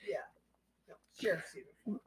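A woman's voice: normal speed, a little hiss or hum, low-quality recording. A woman co-hosting a casual movie chat, dropping dry wisecracks. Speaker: podcast co-host.

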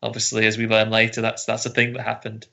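Chatty man, bright voice. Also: on the low side, completely flat delivery, quick pace, vocal fry, lo-fi sound. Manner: chatty storyteller, drops into voices for quotes. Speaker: podcast co-host. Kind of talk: casual film chat.

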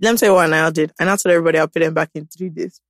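A woman in casual chat, telling stories with lively acted-out quotes and frequent laughter. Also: deep voice, very fast, dry recording, clean studio sound. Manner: animated storytelling, acts out quotes, laughs often.

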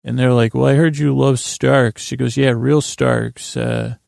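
A man's voice: medium pitch, fairly even intonation, unhurried, creaky, darkish tone, no echo, clean studio sound. A man casually recapping a TV episode in a meandering way, full of fillers and restarts. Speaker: podcast host recapping a TV episode.

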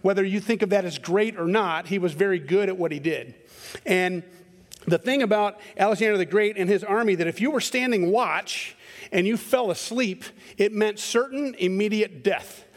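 A man's voice: sits high, moderate pace. A middle-aged male pastor giving a conversational sermon, telling stories and acting out their voices with a self-deprecating manner. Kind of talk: sermon with storytelling. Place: church sanctuary. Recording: long hall reverb.

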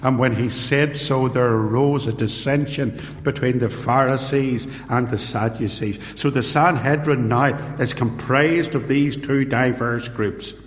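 Guy preaching a sermon real slow, acts out the quotes, big echoey church sound. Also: medium pitch. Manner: slow, deliberate storytelling with acted-out quotes. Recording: roomy hall with long reverb.

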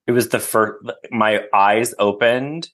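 A man's voice: lowish voice, slow, fairly bright tone. A man as a podcast guest, chatting casually and enthusiastically with lots of fillers. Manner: enthusiastic, gushing, filler-heavy.

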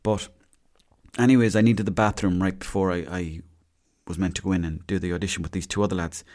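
A man in his thirties with an Irish accent and a fairly low voice, talking on his own in a loose, rambling podcast chat. He pokes fun at himself and drifts from one thing to the next. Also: steady tone, fairly quick, a little mellow. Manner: rambling, self-mocking and chatty. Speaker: podcast host. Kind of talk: casual solo podcast chat.

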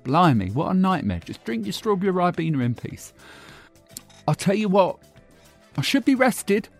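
A man voicing a brash, gossipy middle-aged woman who hosts a talk show, chatty, loud and theatrical in a comic monologue. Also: high voice, big pitch swings, normal speed, gravelly, soft background music, exaggerated voice. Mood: gushing. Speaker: podcast host.

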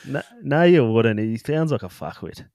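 A man's voice: mid-range voice, big pitch swings, normal speed, vocal fry, a little mellow. An Australian man co-hosting a podcast, blunt and joking with his mates. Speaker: podcast co-host. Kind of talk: casual chat.

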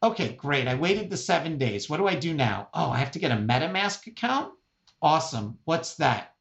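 A man's voice: a little high, very animated, moderate pace, vocal fry, fairly bright tone, lo-fi sound, heavily acted. A man impersonating his fussy eighty-year-old mother on the phone, giving orders and fretting about each new step. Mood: bossy, fretful.

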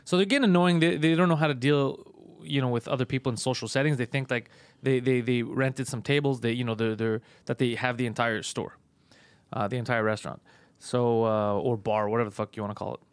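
A man casually telling a story on a podcast, fast, profane and animated. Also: medium pitch, smooth, no echo. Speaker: podcast host, comedian.

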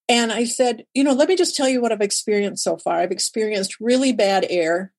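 A woman's voice: on the high side, a little fast, few pauses. A woman who writes and gives talks, a guest in an interview, telling stories and acting out the dialogue in them. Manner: lively storyteller who acts out quoted dialogue. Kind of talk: conversational interview storytelling.

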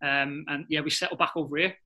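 A middle-aged man, a former footballer telling lively anecdotes in a casual interview and often laughing. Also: on the high side, fast. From England.

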